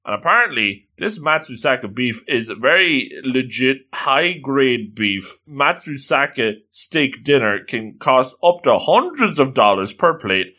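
Excitable recap host, bright lively voice, laughs often. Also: male voice, mid-range voice, unhurried, few pauses.

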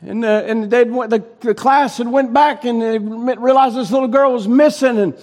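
A man preaching a sermon, shouting in rising bursts and then dropping low and soft. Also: steady tone, normal speed.

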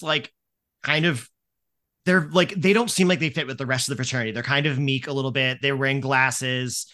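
A man's voice: medium pitch, fast, bright, forceful tone. A man narrating as game master in a casual, rambling way, full of fillers.

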